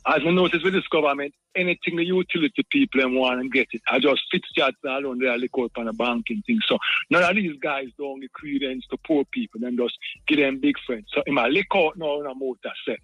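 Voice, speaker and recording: Rambling Jamaican caller on a muffled phone line. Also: male voice, mid-range voice, fast, breathy edge, no room sound. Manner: rambling, repeats words, patois. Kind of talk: call-in radio talk.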